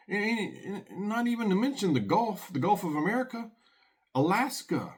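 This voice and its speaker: A man hosting a prepping channel, giving earnest, folksy commentary and reading scripture aloud. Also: sits high.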